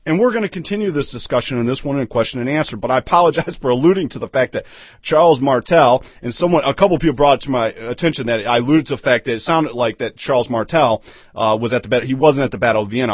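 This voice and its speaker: A man's voice: mid-range voice, quick pace, no room sound. A man hosting a solo talk monologue, emphatic and repeating his rhetorical questions. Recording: dull, lo-fi dry sound.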